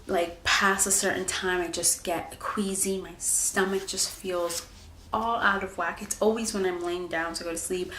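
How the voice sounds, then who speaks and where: A woman's voice: on the low side, fairly even intonation, unhurried, bright, forceful tone, a little hiss or hum. A woman in her twenties chatting candidly in a casual vlog, full of likes and ums. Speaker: vlogger. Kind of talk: casual pregnancy update vlog. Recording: echoey room with faint ambience.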